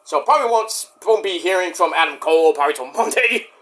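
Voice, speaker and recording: A man's voice: high voice, fast. A man casually reviewing a wrestling show as he watches, swearing and acting out the wrestlers' lines. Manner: excitable, swears, mimics wrestlers' promos. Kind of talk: casual live-watch commentary.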